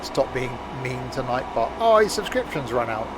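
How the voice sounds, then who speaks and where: A man's voice: medium pitch, moderate pace. A man casually chatting with his live-stream viewers while playing a game, making wry asides. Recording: steady background noise.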